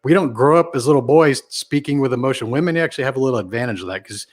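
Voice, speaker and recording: A man being interviewed as a guest on a podcast, talking casually and animatedly, shifting his pitch and volume for emphasis. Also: racing.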